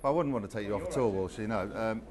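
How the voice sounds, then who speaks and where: A man hosting a TV football chat show, introducing guests and bantering briskly. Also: fairly low pitch, a crowd in the background. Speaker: TV sports show host.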